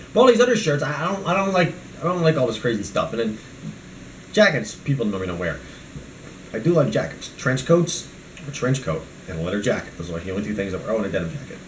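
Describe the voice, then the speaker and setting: A man's voice: medium pitch, lively intonation, quick pace, echoey room, a little hiss or hum. A man vlogging a toy review, rambling and ranting from one topic to the next.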